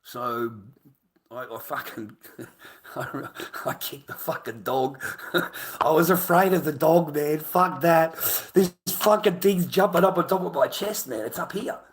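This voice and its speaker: An Australian man ranting to camera, profane and heated, with loud outbursts. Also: a little high, unhurried. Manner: heated, swearing, loud bursts with laughs. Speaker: vlogger.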